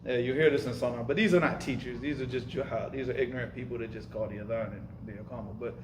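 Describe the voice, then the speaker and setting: A man's voice: mid-range voice, steady tone, quick pace, roomy sound, slight background noise, rough recording. A man teaching an informal lesson, speaking casually and emphatically, repeating himself and mixing in Arabic terms. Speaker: Arabic and Islamic studies teacher. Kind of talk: informal lesson with live questions.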